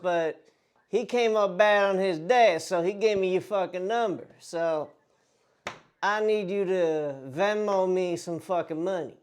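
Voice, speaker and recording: A man's voice: high voice, a little mellow, clear, resonant tone. A man doing a profane, pushy debt collector. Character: aggressive man threatening a stranger over a debt. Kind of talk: prank phone call. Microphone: podcast mic.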